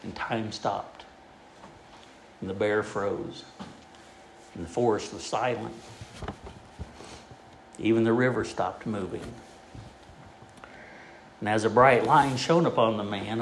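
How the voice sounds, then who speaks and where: A man preaching a sermon in a folksy, halting way, with many fillers and restarts as he tells a joke. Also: lowish voice, fairly even intonation, creaky, reverberant, slight background noise, poor audio.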